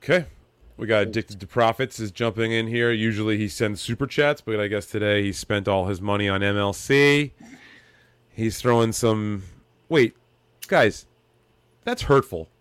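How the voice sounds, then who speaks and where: A man's voice: fairly low pitch, moderate pace, clear, resonant tone, no room sound. A man with a New York accent hosting a casual podcast over a video call, joking around, swearing freely and laughing at his own slips. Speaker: stand-in podcast host.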